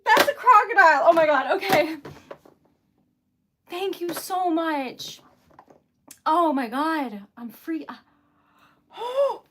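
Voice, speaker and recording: Woman streamer, high and unhurried, giggly and teary with emotion. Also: very animated, bright, forceful tone, slight background noise. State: teary and shaky. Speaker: live streamer. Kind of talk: casual live-stream chat while crafting.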